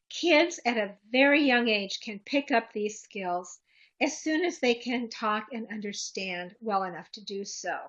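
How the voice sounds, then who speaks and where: A woman's voice: on the high side, a little slow, fairly bright tone, highs cut off. A woman presenter answering audience questions in a webinar, giving practical advice and acting out short commands aloud.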